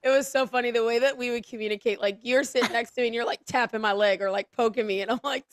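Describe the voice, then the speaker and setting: A woman co-hosting a casual political podcast, telling stories in a lively way and often stumbling and restarting mid-sentence. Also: a little high, dry recording, clean studio sound. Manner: animated storytelling, quick stumbles and restarts. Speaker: podcast co-host.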